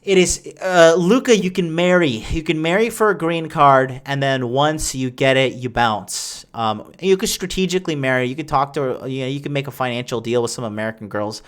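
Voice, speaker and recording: A man's voice: medium pitch, normal speed, few pauses, fairly bright tone. A young man hosting a podcast, talking crudely and boastfully in a rambling casual monologue. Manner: rambling, with many fillers and restarts. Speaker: podcast host answering listener questions.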